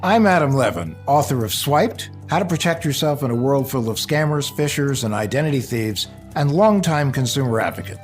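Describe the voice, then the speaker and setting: A man hosting a podcast, joking and chatting with a guest in a lively way. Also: medium pitch, faint music behind. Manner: lively and jokey, quick asides. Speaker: podcast host. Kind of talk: casual podcast chat.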